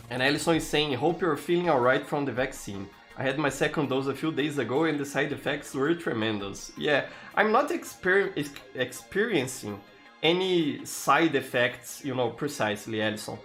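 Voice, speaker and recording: Over soft background music, a man with a slightly high voice talks at an ordinary speed. He is a tired live streamer from Brazil, Brazilian Portuguese accent and all, who chats casually and relaxedly, restarts a lot, and greets his viewers by name.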